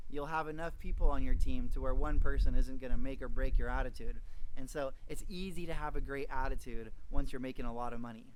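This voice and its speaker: This is a man in middle age delivering a motivational training talk. His voice sits a little higher than most men's. He keeps the energy up and speaks in a folksy way, breaking into short acted-out bits of dialogue. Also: a little hiss or hum. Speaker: network marketing trainer.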